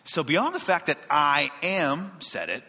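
A male pastor delivering a sermon to his church, swinging from loud emphatic lines to hushed, quiet asides. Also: a little slow, breathy edge, in a large hall. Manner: animated preaching with wide pitch swings and hushed asides.

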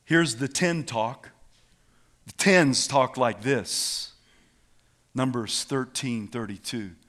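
A male preacher delivering a dramatic sermon, swinging from shouts down to hushed whispers. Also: mid-range voice, lively intonation, slow pace.

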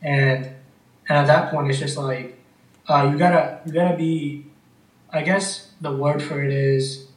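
A man in relaxed conversation, talking in a laid-back way, often calling his friend "man" and telling stories with energy. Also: fairly high pitch, unhurried, pauses often, distant mic. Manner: laid-back, says "man" a lot, animated storytelling. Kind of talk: casual chat. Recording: roomy, off-mic.

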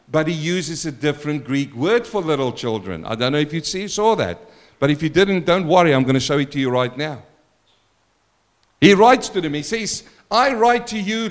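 Male pastor mid-sermon, higher-pitched, lively and questioning, booming then hushed. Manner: animated preaching with questions to the congregation; swings between loud exclamations and quiet asides.

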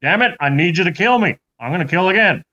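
A man's voice: high voice, expressive, fast talker, bright, forceful tone, heavily acted. A man voicing a blunt, defiant male murderer, on a dull lo-fi recording. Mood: insistent. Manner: blunt, insistent.

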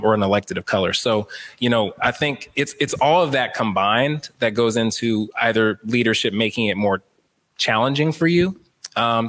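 A man's voice: lowish voice, a bit bright, low-quality recording. A young man, a former state representative and guest, speaking earnestly and reflectively, with frequent fillers. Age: young adult. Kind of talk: talk-show discussion.

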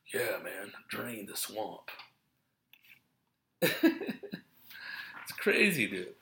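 A man's voice: lowish voice, very animated, extremely slow, vocal fry, pauses often, pushed and bright, slight background noise. A man telling casual, profane stories from his shows, full of slang and acted-out quotes. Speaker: comedian talking about his shows. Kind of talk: casual rambling chat.

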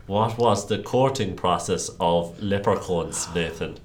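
A man co-hosting a casual chat, playful and joking, often halting with fillers. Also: low-pitched, a little hiss or hum.

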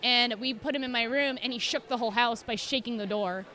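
A woman guest chatting casually in a podcast interview, telling animated stories, swearing freely and acting out her pets. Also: a little high, fairly quick, crowd noise. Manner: animated storyteller who swears casually and acts out her cats. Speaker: guest, cosplayer. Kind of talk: casual chat.

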